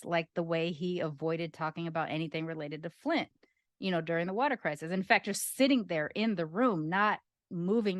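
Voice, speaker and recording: A woman's voice: fairly low pitch, dry recording, clean studio sound. A woman co-hosting a casual podcast chat, emphatic and opinionated, counting off her points. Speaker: podcast co-host.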